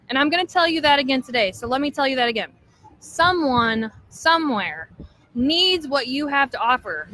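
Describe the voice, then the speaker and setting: A woman's voice: high-pitched, bright, forceful tone, poor audio. A woman in her thirties giving an emphatic motivational talk to her sales team, often checking in with "okay?" and "right?".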